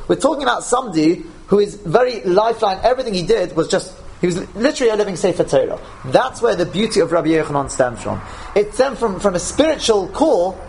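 Guy teaching talmud, lively high voice, lots of restarts, little bit of room noise. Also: poor audio. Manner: animated, with frequent restarts and Hebrew terms. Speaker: Torah teacher. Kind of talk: Talmud lecture.

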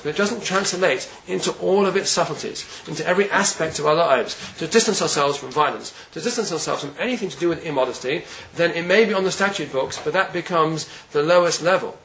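Man, rabbi lecturing, gravelly with a faint noise floor behind. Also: on the high side, fairly quick, hardly any pauses, fairly bright tone, rough recording. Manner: earnest, repeats words while searching, Hebrew terms. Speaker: rabbi giving a Torah class. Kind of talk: Torah lecture.

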